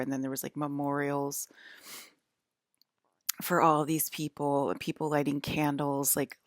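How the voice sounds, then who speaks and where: A woman in her forties speaks in a very deep, low register, drifting through a loose, filler-heavy monologue. The sound is dry and close, with no room around her. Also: no room sound. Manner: meandering, many fillers and restarts. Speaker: vlogger. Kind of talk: casual rambling monologue.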